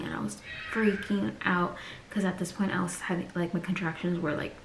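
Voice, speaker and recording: A woman's voice: fairly low pitch, steady tone, a little fast, creaky, roomy sound, slight background noise. A woman vlogger telling a personal story in a candid, chatty way and acting out the people she quotes.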